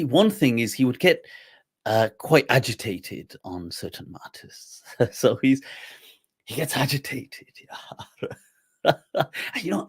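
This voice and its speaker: A man hosting a show as an Islamic scholar, telling a story in an animated way with frequent laughter and asides. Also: mid-range voice, breathy edge.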